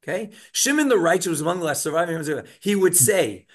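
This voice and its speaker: Male Torah teacher giving a class over a video call, lively storyteller, voice sits a little high. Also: fairly quick, hardly any pauses. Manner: animated, acts out shouting scenes in his stories. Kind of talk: online class lecture with storytelling.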